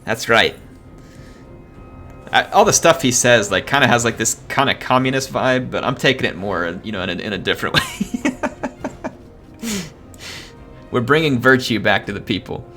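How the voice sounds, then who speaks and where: Bright, lively male game streamer. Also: medium pitch, fairly quick, soft background music. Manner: chatty, excitable, thanks viewers. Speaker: gaming streamer. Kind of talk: live gameplay commentary.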